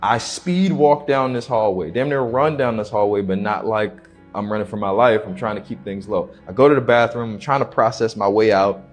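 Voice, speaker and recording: A young man, an interview guest, telling a personal story slowly and haltingly in casual slang. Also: on the low side, faint music behind.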